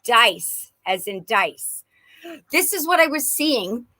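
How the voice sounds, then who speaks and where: A woman giving a playful live tarot reading, animated and quick to laugh. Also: fairly high pitch. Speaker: tarot and oracle card reader. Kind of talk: live-stream card reading.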